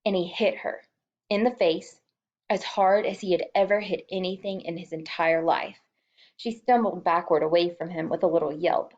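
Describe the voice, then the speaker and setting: A woman's voice: lowish voice, a little mellow, dull audio. A woman reading a novel aloud as an audiobook, emotive and lightly voicing the characters. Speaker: audiobook reader.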